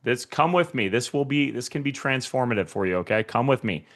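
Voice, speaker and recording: Energetic man coaching sales agents. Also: mid-range voice, brisk. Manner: energetic, addresses the audience directly, acts out short scenes. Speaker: guest speaker coaching real estate agents. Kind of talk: motivational sales training talk.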